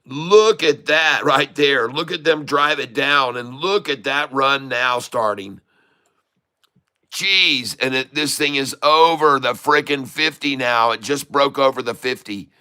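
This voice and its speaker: A man giving excited live commentary on a stock chart, full of folksy slang and exclamations. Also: mid-range voice, a little slow, clean tone. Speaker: day-trading streamer.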